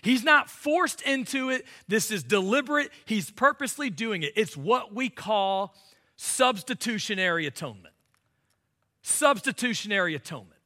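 Male pastor, high bright voice, lively conversational sermon delivery. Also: normal speed. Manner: animated, conversational preaching with rhetorical questions.

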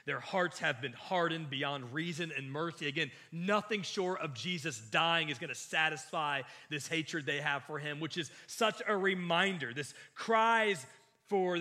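A male preacher delivers a sermon in a bright, forward voice. He is earnest and emphatic, and he often restarts his phrases mid-thought. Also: fairly high pitch.

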